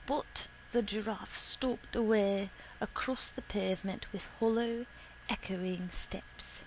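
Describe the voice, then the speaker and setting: A woman reading a literary short story aloud in a measured, deliberate way. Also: medium pitch, fairly even intonation, a little hiss or hum, rough recording. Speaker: reader.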